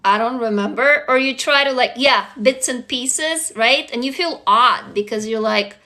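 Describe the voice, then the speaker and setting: A woman from Russia hosting a casual live stream, frank and animated, swearing freely and calling out excited shout-outs to viewers, talking into a phone. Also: high-pitched, unhurried. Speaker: livestream host and writing teacher.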